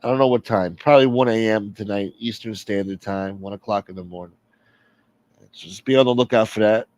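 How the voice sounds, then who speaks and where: A man's voice: lowish voice, a little fast, darkish tone, dry recording, lo-fi sound. A man hosting a casual livestream, rambling and joking as he reads out chat. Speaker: livestream host.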